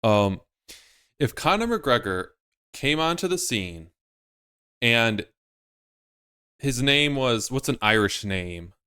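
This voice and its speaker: A man hosts his own commentary video, with a rambling, emphatic, opinionated delivery. His voice sits at an everyday middle pitch. He hammers his points home and circles back to them. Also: big pitch swings, slow, long pauses, bright, forceful tone, smooth. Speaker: MMA YouTuber host. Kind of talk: casual commentary.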